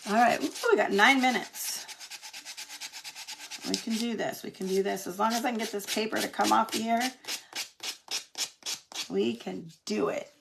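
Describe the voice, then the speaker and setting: A woman's voice: mid-range voice, steady tone, a little slow, vocal fry, pauses often, background noise. A middle-aged woman from California chatting through a live craft demo, laughing often and answering viewer comments as she works. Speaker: craft demonstrator on a live stream.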